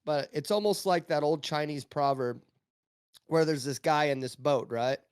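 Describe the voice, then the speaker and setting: A man's voice: on the high side, moderate pace, clear, resonant tone, no room sound, clean studio sound. A man telling stories as a guest on a casual podcast, with many restarts. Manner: storytelling, animated, many restarts.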